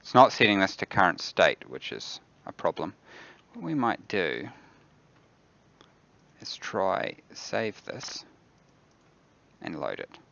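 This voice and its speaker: A man's voice: deep voice, very animated, slow pace, vocal fry, long pauses, fairly bright tone, muffled recording. A man with a New Zealand accent who hosts a game dev stream from his office, muttering to himself and thinking aloud as he builds things in the game. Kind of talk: casual livestream commentary while demoing a game.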